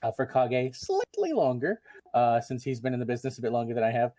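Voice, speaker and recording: A man's voice: medium pitch, wildly swooping pitch, fast, warm tone, dry recording. Guy hosting a con panel, lots of ums, dry close sound. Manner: rambling, full of ums and restarts. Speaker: convention chair, panel host.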